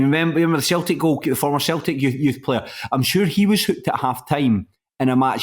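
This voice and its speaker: A Scottish man in casual football chat, wandering through his thoughts with plenty of hesitant restarts. His voice sits at an ordinary middle pitch for a man. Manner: rambling, hesitant, many restarts. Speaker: podcast host.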